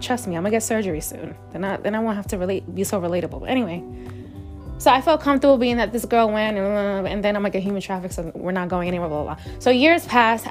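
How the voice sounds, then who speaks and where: Candid, profane woman telling a story. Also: medium pitch. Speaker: podcast host. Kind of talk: casual storytelling monologue.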